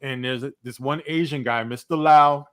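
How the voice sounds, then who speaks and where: A man's voice: medium pitch, fairly even intonation, moderate pace, clean tone, no echo, studio quality. A man talking bluntly and laid-back on a casual podcast panel.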